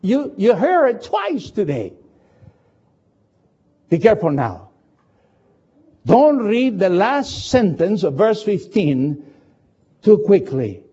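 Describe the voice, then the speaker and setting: Slow, theatrical storytelling marks this man's sermon, with sudden swings between loud and hushed delivery. His high voice is lively, rising and dropping, with a husky, dark tone; he speaks English natively. The recording quality is dull and lo-fi.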